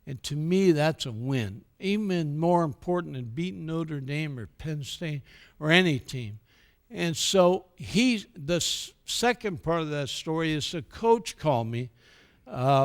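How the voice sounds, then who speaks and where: An older American man speaking at a church, telling stories and acting out the quoted dialogue before turning to a sermon-like message. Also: on the high side. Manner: animated storyteller who acts out quoted dialogue. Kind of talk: storytelling speech with a sermon tone.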